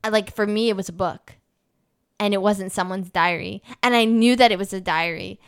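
A young woman co-hosting a chatty podcast, her voice smooth and clear, at an ordinary middle pitch. She rambles along with plenty of fillers, "like"s and false starts. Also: steady tone, moderate pace. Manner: rambling, many fillers and restarts. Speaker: podcast co-host. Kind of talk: casual chat.

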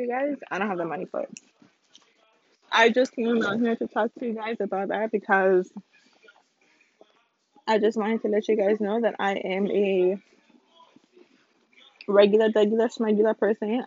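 A woman's voice: medium pitch, darkish tone, no room sound, lo-fi sound. A young woman chatting casually to her viewers while eating, speaking straight to them on her phone. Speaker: vlogger. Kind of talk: casual chat to camera.

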